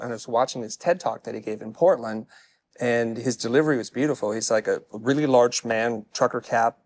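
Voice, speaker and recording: A middle-aged man speaking candidly to a live audience, telling stories in a self-deprecating way as a personal branding speaker. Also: medium pitch. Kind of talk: stage talk to a live audience.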